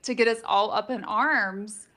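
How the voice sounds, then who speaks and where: A woman in casual live conversation about a book series. She speculates out loud in a chatty, filler-heavy way, with a medium-pitched voice. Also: steady tone, measured pace. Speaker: book discussion co-host.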